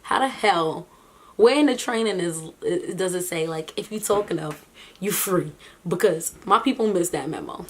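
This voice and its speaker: A woman vlogger giving casual reaction commentary, animated and incredulous, often breaking into laughter between remarks. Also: lowish voice, moderate pace, breathy edge.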